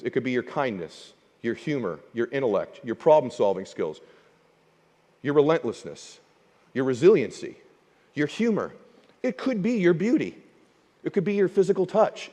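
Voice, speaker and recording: A man's voice: fairly high pitch, darkish tone, big-room sound. A man giving a live motivational talk on stage, telling punchy stories and firing rhetorical questions at the audience. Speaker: motivational speaker.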